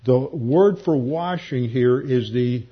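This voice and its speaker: Male pastor, husky, mid-pitched, measured Bible teacher; dull lo-fi recording. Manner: measured, explanatory, slows to stress key phrases.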